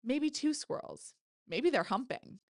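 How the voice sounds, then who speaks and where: A woman's voice: sits high, lively intonation, measured pace, dry recording, voice pushed up. A woman voicing a bold, teasing teenage girl camper in a story reading, with a brash, mocking manner and a dry, close sound.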